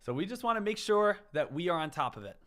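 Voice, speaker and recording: Bright-voiced man chatting on a trading stream. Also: high-pitched, big pitch swings, fast. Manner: chatty, repeats "again", answers chat. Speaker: day trader hosting a live stream. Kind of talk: casual live-stream commentary.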